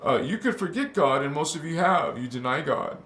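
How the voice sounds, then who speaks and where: A man giving an impassioned spiritual talk, casual and slangy, swearing and flaring up into loud outbursts. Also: a little high, expressive, a little fast, reverberant. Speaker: spiritual teacher.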